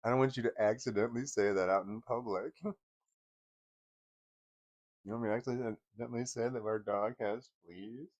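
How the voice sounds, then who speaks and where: Man in his forties, casual storytelling, wry laughs, bitter quiet asides, mid-pitched voice. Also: steady tone, normal speed, long pauses, muffled recording. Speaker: vlogger.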